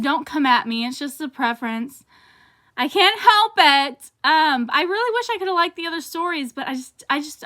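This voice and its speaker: Young woman, book vlogger; high pitched, bright tone, dramatic and gushing. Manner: gushing and dramatic, with outbursts and laughs. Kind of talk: casual book review vlog.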